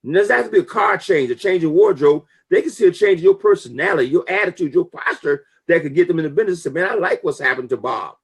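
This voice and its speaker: A man with a gravelly, slightly husky voice that sits a bit high for a man. He talks in a casual, emphatic, preachy way and tells lively stories as he gives business advice. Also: fast talker, hardly any pauses. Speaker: network marketing talk show guest. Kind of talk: casual motivational talk.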